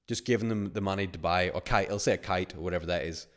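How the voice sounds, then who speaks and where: A man's voice: sits low, fast, hardly any pauses. A man hosting a webinar as a money-mindset coach, talking casually in a rambling, filler-heavy way and acting out little scenarios.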